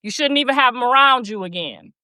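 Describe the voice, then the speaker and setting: A woman's voice: a little high, animated, fairly quick, pushed and bright, no echo. A woman hosting a livestream, telling stories bluntly with plenty of profanity and preachy asides, and reading viewer comments aloud. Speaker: livestream host. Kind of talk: casual livestream chat.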